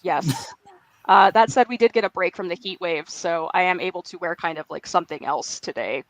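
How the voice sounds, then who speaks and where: A woman's voice: lowish voice, fairly quick, no echo, low-quality recording. A woman from California, chatting casually on a video call while she has a cold, in a lightly self-mocking tone. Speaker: writing group co-host. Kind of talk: casual chat.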